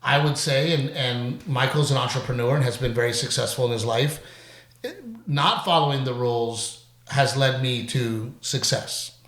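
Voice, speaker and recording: A middle-aged man hosting a podcast in casual chat, animated and quick to laugh, with the odd curse. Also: mid-range voice. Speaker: podcast host. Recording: roomy echo.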